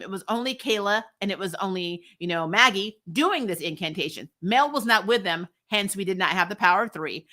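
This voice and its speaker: A woman's voice: on the high side, pushed and bright. A woman giving a casual, snarky recap of a TV episode, acting out the characters' lines and laughing as she goes. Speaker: TV episode reviewer.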